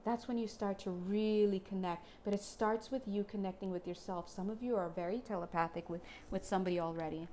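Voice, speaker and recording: A woman doing a casual spiritual card reading for viewers, chatty and excitable, often slipping into playful little voices. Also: medium pitch, brisk, hardly any pauses, slight background noise.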